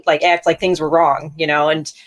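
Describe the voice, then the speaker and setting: A woman's voice: deep voice, flat delivery, moderate pace. A young woman, an author and podcast co-host, speaking hesitantly in an interview with many fillers. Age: young adult. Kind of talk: candid conversational interview.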